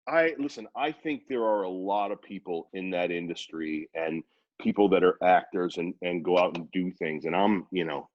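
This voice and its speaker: Deep-voiced man telling radio stories. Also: normal speed, dry recording, muffled recording. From Worcester, Massachusetts. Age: 50s. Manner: rambling, animated anecdotes. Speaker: radio personality guest. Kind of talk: casual storytelling interview.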